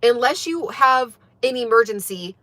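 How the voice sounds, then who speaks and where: A woman's voice: a little high, expressive, unhurried, fairly bright tone, no echo. A woman hosting a casual livestream for her wellness channel, talking earnestly to viewers with lots of fillers and emphasis. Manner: earnest, emphatic, filler-heavy, often asks "right?".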